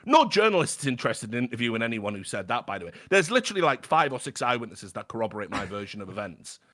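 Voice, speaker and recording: A man's voice: medium pitch, very animated, quick pace, a bit bright. A British man on a podcast, telling a story in casual chat, swearing freely and restarting his sentences. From Britain. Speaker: podcast guest.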